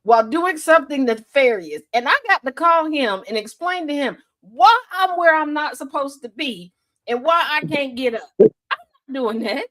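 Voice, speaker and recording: A woman's voice: high-pitched, expressive, moderate pace, a bit bright. A woman hosting a casual chat show, talking candidly and laughing often. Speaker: host.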